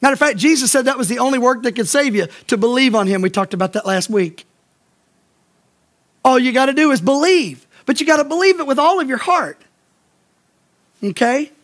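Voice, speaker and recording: A man's voice: extremely high pitch, animated, a little fast, pauses often, a bit bright. A man pastor preaching a sermon to his congregation, stressing points by repeating them and asking the listeners direct questions. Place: church.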